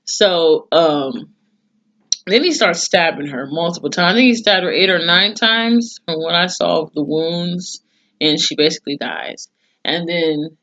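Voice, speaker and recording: A woman's voice: low voice, fairly bright tone, muffled recording. A woman recapping a TV episode in a casual, profane, chatty way, full of slang. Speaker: TV episode reviewer.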